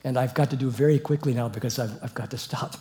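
A man preaching a sermon in a warm, mellow voice of middling pitch. He tells the story with animated asides and little chuckles, speaking to a gathered congregation. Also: fast. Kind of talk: expository sermon on scripture.

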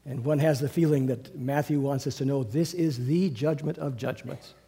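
A man's voice: medium pitch, normal speed, vocal fry, mellow, slightly rough. A man preaching a sermon in a church, earnest and rambling, with restarts, often building to fervent emphasis. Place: church sanctuary.

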